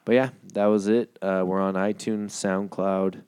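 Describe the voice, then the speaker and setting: A man's voice: sits low, flat delivery, measured pace, darkish tone, clear, resonant tone. A man co-hosting a music podcast, chatting casually and joking around. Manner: laid-back, jokey. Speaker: podcast host. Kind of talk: casual chat.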